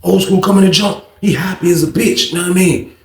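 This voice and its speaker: Guy telling a storytime, animated and cussing a lot, gravelly voice, echoey room. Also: high-pitched, quick pace. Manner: animated, profane, lots of acted quotes. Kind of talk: casual storytime.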